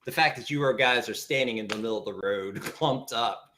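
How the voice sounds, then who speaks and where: A man narrating as game master in a tabletop game, halting and filler-heavy. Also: medium pitch, pushed and bright, a little hiss or hum. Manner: halting, with many fillers and restarts.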